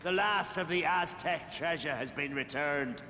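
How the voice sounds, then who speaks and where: An actor playing a scheming older male pirate captain in a video game, with a gravelly, menacing delivery. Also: a little high, a little slow, pushed and bright, in a large hall, a little hiss or hum.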